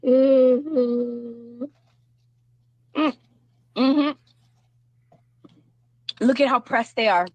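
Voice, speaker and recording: A woman's voice: a little high, steady tone, extremely slow, pauses often, no room sound, muffled recording. A woman hosting a live stream, talking back to a guest and her comments in a mocking, combative way, often repeating her lines. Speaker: livestream host. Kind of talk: heated livestream commentary.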